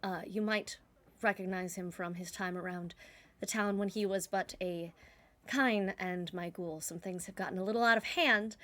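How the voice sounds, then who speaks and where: Woman as prim vampire debutante, formal and quiet, mid-pitched. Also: steady tone, moderate pace, lightly acted. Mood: polite. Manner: formal, polite, soft-spoken. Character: poised young female vampire debutante.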